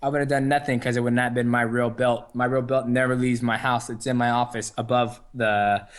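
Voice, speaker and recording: A man's voice: medium pitch, flat delivery, a little fast, clean tone. Easygoing young man with lots of fillers. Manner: easygoing, many fillers and restarts. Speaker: interview guest, fighter. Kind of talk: casual phone interview.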